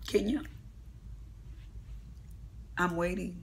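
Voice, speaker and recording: A woman's voice: lowish voice, slow, gravelly, pauses often, fairly bright tone. A woman vlogger giving a casual, comedic recap of a reality show. She talks brash and profane, laughs often, and acts out the people she quotes.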